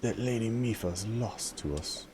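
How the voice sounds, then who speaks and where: A man's voice: on the low side, measured pace, voice pushed up. A man voicing an elderly, proud and scornful male fish-man advisor in a video game, talking in an indignant, scolding way. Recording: steady background noise.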